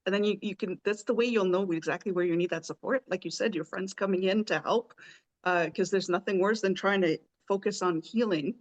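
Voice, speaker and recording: A woman's voice: medium pitch, a little fast, dull audio. A woman hosting a podcast in casual chat, chatty and often laughing as she talks. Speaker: podcast host.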